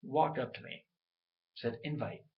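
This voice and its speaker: Profane, animated man on a webcam. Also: fairly low pitch, normal speed, lo-fi sound. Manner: animated, profane, mimics others in quotes. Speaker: gamer ranting on webcam. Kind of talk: casual webcam rant. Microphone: webcam mic.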